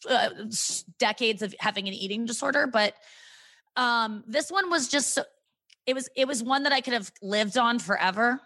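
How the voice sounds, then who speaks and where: A woman's voice: on the high side, moderate pace, bright, forceful tone, dry recording. A woman in her thirties, a comedian guest on a podcast, talking candidly in a frank, profane and self-mocking way.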